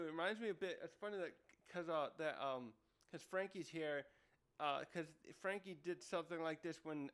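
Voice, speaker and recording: Here a man with a high, somewhat bright and clean-toned voice reviews a comic chapter in a relaxed way. As a manga reviewer he rambles, thinks out loud and frequently fixes his own sentences partway through.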